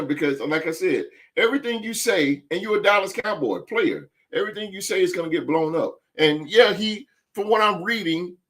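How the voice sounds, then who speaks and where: A man's voice: a little high, fairly bright tone. A man hosting a sports podcast, talking emphatically with lots of stammered restarts. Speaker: podcast host. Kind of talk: casual sports talk.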